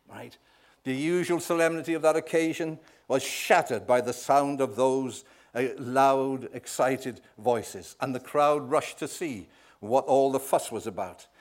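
Man, preacher, emphatic sermon delivery, mid pitch, punches key words, keeps the congregation engaged. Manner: emphatic, swells loud on key words, asks the congregation "right?".

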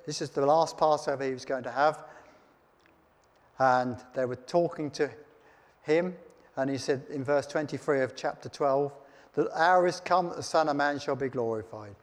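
A man's voice: mid-range voice, normal speed. Guy preaching, reads scripture then chats about it, big reverby hall. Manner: reads scripture aloud then comments in plain chat. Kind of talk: sermon.

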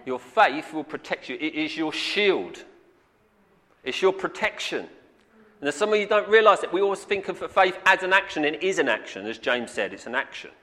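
A man's voice: a little high, expressive, moderate pace, pushed and bright. A man preaching a sermon, earnest and repetitive, often calling out "amen". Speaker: pastor. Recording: long reverb in a hall.

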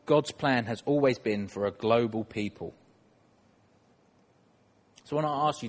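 A man's voice: mid-range voice, unhurried, long pauses, in a large hall. A man preaching a sermon in church, conversational and self-deprecating, putting questions to the congregation.

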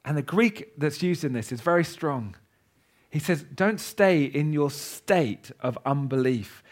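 A man preaching a sermon to a congregation in a church. He talks with passion, swinging between loud declarations and hushed asides. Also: fairly high pitch, expressive, a little slow.

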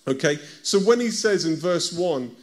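A man's voice: a little high, expressive, moderate pace. A man with a British accent preaching a conversational sermon, often stopping to ask his listeners direct questions. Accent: British English.

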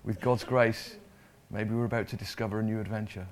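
A man's voice: fairly low pitch, steady tone, brisk. Man preaching a conversational sermon. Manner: conversational, repeats words, asks the congregation questions.

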